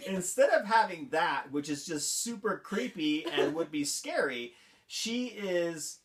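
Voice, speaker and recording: A man's voice: on the high side, lively intonation, unhurried. A man hosting a vlog, giving a casual movie review in an amused, incredulous manner and laughing often. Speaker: vlog host.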